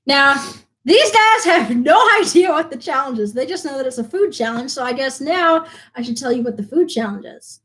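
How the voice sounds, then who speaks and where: High-voiced teasing woman hosting a stream. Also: lively intonation, moderate pace, fairly bright tone, low-quality recording. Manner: bossy and teasing, laughs often. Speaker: stream host. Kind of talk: casual live stream food challenge.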